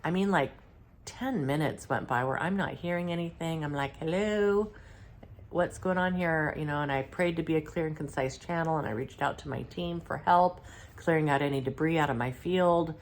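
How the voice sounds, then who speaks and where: A middle-aged woman, unwell, calmly recounting a spiritual channeling session in a halting, reflective way, clearing her throat now and then. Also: low voice. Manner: halting and reflective, with many fillers and restarts. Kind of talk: casual first-person account.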